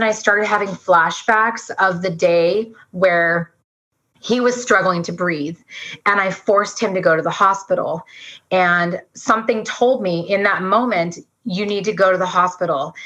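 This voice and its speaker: A woman in her forties telling a personal story as a podcast guest, fast and earnest, saying "like" often. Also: mid-range voice, sharp tone. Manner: fast, earnest, says "like" a lot. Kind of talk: emotional storytelling. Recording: dull lo-fi sound.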